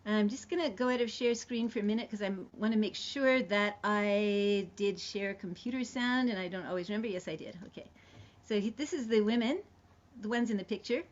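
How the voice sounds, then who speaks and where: A woman's voice: medium pitch, a little fast. A woman leading an online singing lesson, explaining a ballad in a chatty way and then singing the refrain syllables. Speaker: song leader. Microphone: computer mic on video call. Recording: dull lo-fi video call audio.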